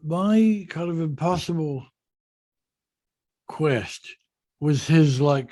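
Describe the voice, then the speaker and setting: A yacht designer tells a story during an interview, relaxed, unhurried, and self-deprecating. His voice is medium in pitch and slightly rough.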